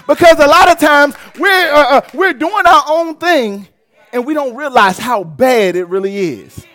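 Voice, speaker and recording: Man, very high voice, pastor, animated sermon, church. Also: normal speed. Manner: animated storytelling, rising to shouts. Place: church sanctuary.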